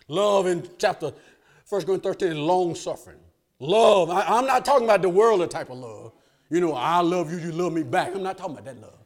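A man preaches in a high, lively voice that swoops up into shouts. He keeps a folksy, joking tone with call-and-response asks to the congregation. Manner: folksy, joking asides with laughter. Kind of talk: sermon.

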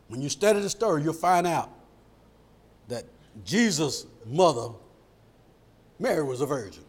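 A middle-aged man preaching a sermon, animated and rising to shouts at his peaks. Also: fairly high pitch, unhurried, husky. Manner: animated, shouts at peaks and acts out quoted voices.

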